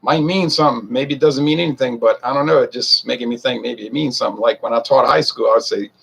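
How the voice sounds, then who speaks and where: Gravelly husky man rambling to viewers. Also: medium pitch, quick pace, a bit bright. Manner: rambling, defensive, talks straight to viewers. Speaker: whiskey reviewer. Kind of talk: casual talk to camera.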